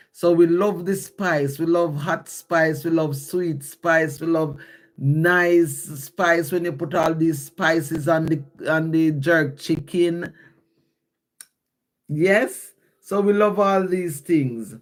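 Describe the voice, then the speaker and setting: A man's voice: on the high side, takes it slowly. A man from Jamaica with a Jamaican accent, chatting casually on a phone live stream and reading his poetry, explaining and repeating lines as he goes.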